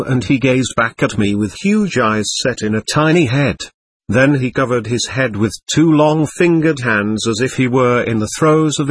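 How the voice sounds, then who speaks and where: A man narrating a first-person story as an audiobook, with expressive storytelling. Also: mid-range voice, slightly rough, no echo.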